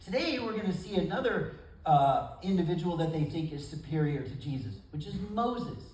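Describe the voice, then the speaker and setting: A man preaching a sermon as pastor, folksy and animated, acting out the quotes he tells. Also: a little high, normal speed, slight background noise. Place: church service in a gym. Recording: echoey room from far off.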